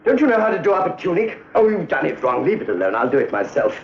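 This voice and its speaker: A pompous colonial governor, fussy and upper-class, in a 1950s British film comedy. His pitch rises and falls a great deal. The sound is roomy and dull, like an old film soundtrack. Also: sing-song, fast talker, slight background noise. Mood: flustered.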